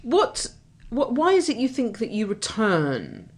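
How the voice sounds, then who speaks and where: Lively-voiced woman host. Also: a little high, a little slow. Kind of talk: casual chat interview.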